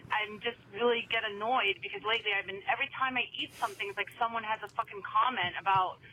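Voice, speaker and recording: A woman's voice: mid-range voice, steady tone, fast, bright, forceful tone, a little hiss or hum, poor audio. A woman leaving a casual voicemail for a show, rambling and ranting with plenty of profanity. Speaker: voicemail caller. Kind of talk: casual recorded voice message.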